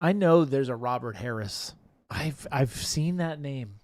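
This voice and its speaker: Unhurried man calling out giveaway winners. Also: mid-range voice, animated, dry recording. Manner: calls out names loudly, joking. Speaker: livestream giveaway host. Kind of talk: casual livestream chat.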